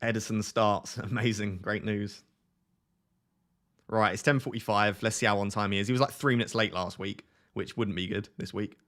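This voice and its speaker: Lowish voiced guy on a live stream, excitable, keeps restarting his words. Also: normal speed.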